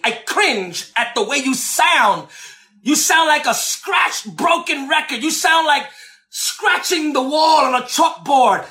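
High-voiced, bright preaching man. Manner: preaching, swinging between shouts and slow drawn-out low phrases; animated, emphatic, repeats lines for effect. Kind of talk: sermon.

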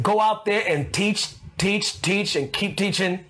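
An excitable male preacher delivering a lively sermon in a very high, bright, forceful voice. He shouts and laughs as he teaches, and he calls his listeners "baby". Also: measured pace, hardly any pauses. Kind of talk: energetic sermon.

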